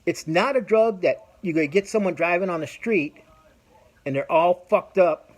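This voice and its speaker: With a high voice at normal speed, a middle-aged man hosts a podcast and goes on a casual opinion rant. The talk is profane, blunt, and rambling, with many restarts.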